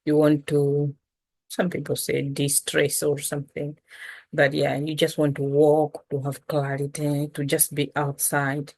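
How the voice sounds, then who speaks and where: Low-voiced woman teaching casually. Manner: relaxed, chatty, slow after lunch. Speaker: language teacher. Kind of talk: casual language lesson.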